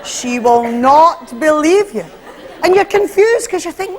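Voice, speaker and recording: High-voiced Scottish woman doing stand-up. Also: unhurried. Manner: animated, acting out voices in her routine. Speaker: stand-up comedian. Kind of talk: live stand-up comedy. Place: stage before a live audience. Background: audience laughter.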